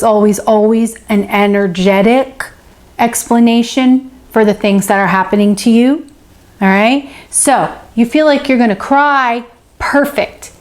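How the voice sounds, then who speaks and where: A woman with a slightly high voice hosts a spiritual self-help channel, teaching to camera while answering a viewer. She's encouraging, keeps checking in with "okay?" and repeats phrases for emphasis.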